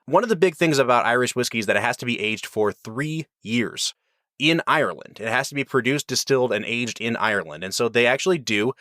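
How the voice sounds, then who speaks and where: A man's voice: mid-range voice, lively intonation, brisk, sharp tone, no room sound, clean studio sound. A man hosting a podcast, explaining things at length in a casual, enthusiastic way. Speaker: podcast host.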